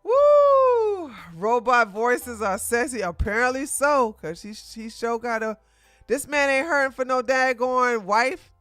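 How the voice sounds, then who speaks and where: A woman streamer giving casual livestream commentary while reviewing a show, animated and laughing often, with frequent restarts. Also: fairly high pitch, unhurried, no room sound, soft background music.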